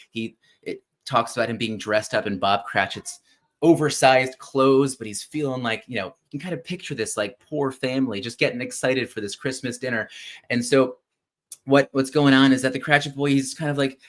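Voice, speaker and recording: Host-type man, chatty storyteller, keeps asking "right?", thinks aloud with fillers and restarts. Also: medium pitch. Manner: animated, keeps checking in with listeners with "right?". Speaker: podcast host. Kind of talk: casual retelling of a classic story.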